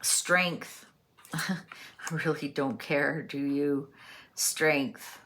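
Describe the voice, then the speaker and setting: A woman's voice: deep voice, drawn-out words, a bit bright. A woman doing a chatty tarot reading, musing aloud with lots of fillers as she turns over cards. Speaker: tarot reader. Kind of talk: casual tarot reading monologue.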